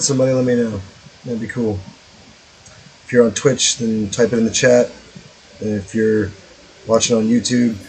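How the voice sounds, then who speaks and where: A man's voice: mid-range voice, a little mellow, poor audio. A man streaming a strategy game, chatting casually in a rambling, joking way with profane asides. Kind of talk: casual let's-play commentary.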